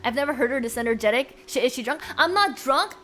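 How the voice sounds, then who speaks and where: A woman's voice: high voice, lively intonation, quick pace, pushed and bright. A young woman streaming live, chatting casually and giggling with her viewers. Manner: giggly, bubbly, chats with viewers.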